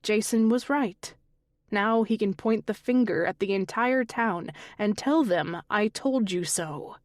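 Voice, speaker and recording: A woman reading a first-person mystery audiobook in a measured, unhurried way. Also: a little high, dry recording, clean studio sound. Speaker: audiobook narrator.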